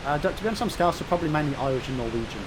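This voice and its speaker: This English gaming streamer races along in a slightly high voice with lively intonation, against a noisy background. During live gameplay commentary he banters with and teases his chat, then suddenly erupts in swearing at the game.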